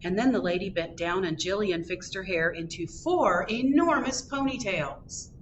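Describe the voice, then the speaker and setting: Lady doing library storytime, lively up and down voice, faint hum behind. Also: mid-range voice, moderate pace. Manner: expressive, animated storytelling. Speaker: storytime reader. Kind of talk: reading a picture book aloud. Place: public library.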